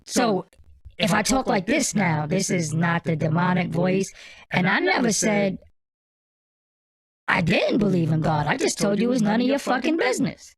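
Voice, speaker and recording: A man talking through a voice changer that pitches his own voice up, blunt and profane. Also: big pitch swings, normal speed, heavily acted. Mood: defiant.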